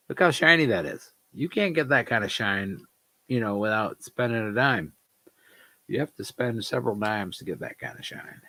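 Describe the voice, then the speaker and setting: A man's voice: medium pitch, fairly bright tone, no room sound. A man co-hosting a casual livestream, joking and swearing as he rambles. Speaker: livestream co-host.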